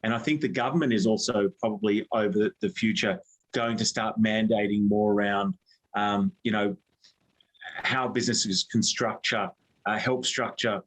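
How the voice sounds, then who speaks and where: A man's voice: fairly low pitch, fairly even intonation, normal speed, poor audio. An Australian man, a guest on an interview show, chatting casually and thinking aloud with many fillers and restarts. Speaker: HR firm director, guest.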